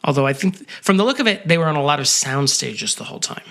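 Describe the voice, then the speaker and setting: Bright, animated podcast co-host. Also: medium pitch, fast talker, gravelly. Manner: animated, joking, trivia-heavy asides. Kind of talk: casual chat.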